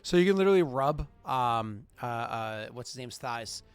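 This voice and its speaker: A man's voice: mid-range voice, expressive, normal speed, clean tone, no echo. A man narrating a tabletop game as game master, rambling and correcting himself, often laughing.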